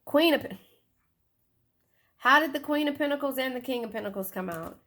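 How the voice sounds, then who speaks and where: A woman's voice: high-pitched, animated, fairly quick, fairly bright tone. A woman giving a casual tarot reading, chatty and swearing, often repeating her phrases. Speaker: tarot reader.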